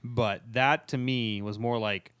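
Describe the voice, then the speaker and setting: A man's voice: medium pitch, steady tone, slow pace, fairly bright tone, clear, resonant tone, no echo. Male co-host, mid-range voice, dry sound, chatty with lots of "like". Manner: chatty, heavy use of "like". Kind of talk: casual chat.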